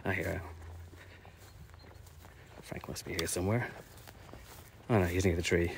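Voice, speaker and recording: A man with a slightly low voice talks casually outdoors as he walks. He is a little out of breath and rambles, using plenty of fillers and self-deprecating asides. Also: steady tone, normal speed, vocal fry, background noise. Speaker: orchard project owner streaming drone flights. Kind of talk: casual live-stream vlog narration. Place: outdoors in fields.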